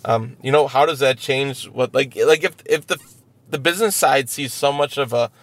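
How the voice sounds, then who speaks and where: A man co-hosting a casual sports podcast, talking haltingly with many stammered restarts, from a parked vehicle outside an arena. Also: mid-range voice, no room sound. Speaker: podcast co-host.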